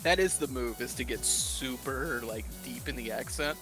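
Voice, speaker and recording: A man chatting on a voice call, teasing the others and laughing through his jokes. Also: mid-range voice. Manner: laughing, teasing, quick with bits. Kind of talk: casual chat on a voice call. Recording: clear music behind.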